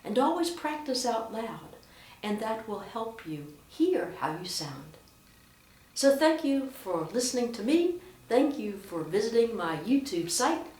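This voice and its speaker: A woman's voice: on the high side, big pitch swings, unhurried, a little mellow. A woman teaching church readers how to read aloud, speaking with strong emphasis and reading examples expressively. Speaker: lector trainer. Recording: roomy echo, mic at a distance.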